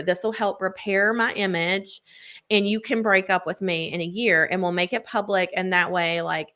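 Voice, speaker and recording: A woman's voice: medium pitch, sharp tone. A woman in casual chat, gushing as she retells a book's plot with lots of filler words. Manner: gushing book recap full of "like" fillers.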